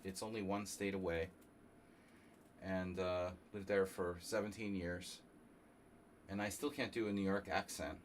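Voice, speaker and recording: A man from New Jersey streaming a chess simul, thinking aloud in a halting, casual way and coughing now and then. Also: deep voice, steady tone, slight background noise. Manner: halting, muttering through chess moves with fillers.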